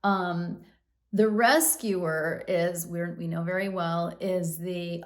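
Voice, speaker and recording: A woman's voice: lowish voice, fairly even intonation, takes it slowly. A woman hosting a casual self-help talk, candid and swearing freely, acting out the inner voices she describes. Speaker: podcast host. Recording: roomy echo.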